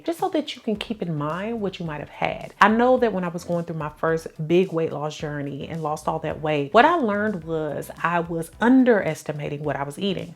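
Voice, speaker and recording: A woman in her thirties with a lowish voice, vlogging casually and straight to her viewers. She is chatty and playful and leans hard on her points as she talks. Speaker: lifestyle vlogger. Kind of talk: casual direct-to-camera vlog.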